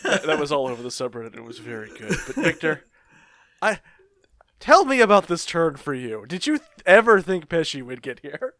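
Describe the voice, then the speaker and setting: A man co-hosting a casual podcast chat, excitable, laughing often and swearing casually. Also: on the high side, moderate pace. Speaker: podcast co-host. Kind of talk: casual chat about an anime.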